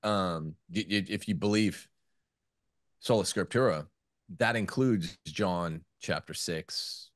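Deep-voiced man telling stories. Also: takes it slowly, no room sound, studio quality. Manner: animated storyteller, some stammering restarts. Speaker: podcast guest, former teacher. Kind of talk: casual podcast discussion.

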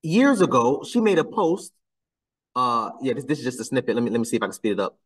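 A man's voice: mid-range voice, very animated, fast talker, breathy edge, far from the mic, rough recording. A man hosting a casual reaction commentary, talking bluntly and getting exasperated, his voice climbing when he is incredulous. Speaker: commentary channel host.

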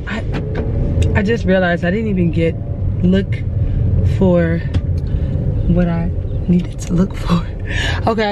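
A young woman vlogger talking casually while driving, chatty and rambling, speaking straight to her viewers. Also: mid-range voice. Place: inside a car. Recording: muffled car recording with road noise. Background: car and traffic noise.

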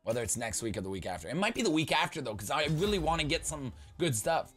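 A young man giving casual, rambling gaming commentary as a YouTuber, joking with viewers and breaking into loud playful outbursts. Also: fairly high pitch, very animated, quick pace, slight background noise.

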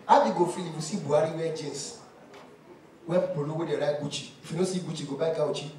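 A man with a Nigerian accent performs animated stand-up comedy, switching between pidgin and Yoruba and breaking into chants. His voice sits high for a man. The sound comes from a distance in a large, booming, echoey hall. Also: fast. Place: large indoor awards stage.

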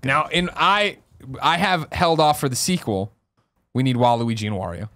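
A man co-hosting a podcast in a casual chat, quickly rattling off casting ideas. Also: medium pitch, bright, forceful tone. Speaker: podcast co-host.

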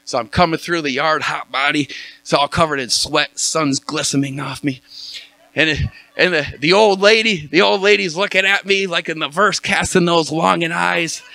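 Man, bright dry voice, chatty church intro speaker with jokes and fillers. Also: fairly high pitch, moderate pace, creaky, dry recording. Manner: chatty, joking, many fillers like "like". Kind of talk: casual sermon with storytelling.

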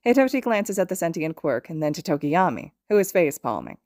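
Low-voiced woman reading fan fiction. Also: brisk, no echo, studio quality. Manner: steady, expressive storytelling. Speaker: podfic reader.

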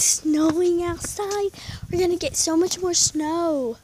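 A young woman, chatting excitedly to her phone camera outdoors in falling snow, full of "y'all" and "like". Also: very high-pitched, slow pace. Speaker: vlogger. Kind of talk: casual outdoor vlog. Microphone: handheld phone camera. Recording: noisy outdoor phone recording.

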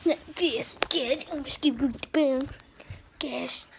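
A woman talks to her camera in a high voice, drawn out and unhurried. She rambles, restarts her sentences and giggles between them. A faint hiss sits under the recording. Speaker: vlogger. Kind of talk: casual home vlog.

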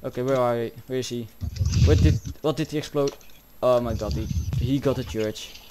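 A man's voice: mid-range voice, steady tone, moderate pace, background noise. Panicky, cursing gamer man. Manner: panicky, swearing, frequent exclamations. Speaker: gameplay commentator. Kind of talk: let's-play commentary.

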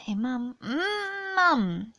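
A woman's voice: sits high, very animated, extremely slow, pushed and bright. A woman filming her baby on a phone at home, coaxing it with playful, sing-song baby talk.

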